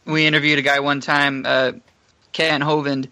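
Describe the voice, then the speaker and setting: Bright lively male co-host, dry sound. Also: fairly high pitch, moderate pace, no room sound. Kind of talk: casual panel chat.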